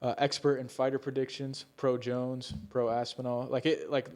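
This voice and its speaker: A man's voice: medium pitch, level tone, moderate pace, darkish tone. A young man co-hosting a casual podcast chat, rambling and swearing often, with laughs slipping into his sentences. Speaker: podcast co-host.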